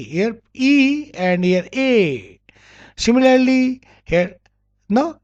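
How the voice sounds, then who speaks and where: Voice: medium pitch, animated, takes it slowly. A teacher with a Nepali accent, a native Nepali speaker, giving an English lesson. The teacher spells words out letter by letter, repeats them over and over and often stops to correct a word.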